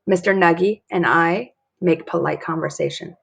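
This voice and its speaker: Husky woman reading a kids' book. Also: lowish voice, slow pace. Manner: chatty asides with soft laughs. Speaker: storybook reader. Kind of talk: reading a children's book aloud.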